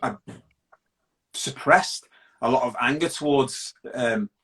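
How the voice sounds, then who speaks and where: A man's voice: mid-range voice, a bit bright, slight background noise, low-quality recording. A middle-aged man from Britain, a guest in an interview, telling his story openly and bluntly with many restarts. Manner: open, blunt, halting with restarts.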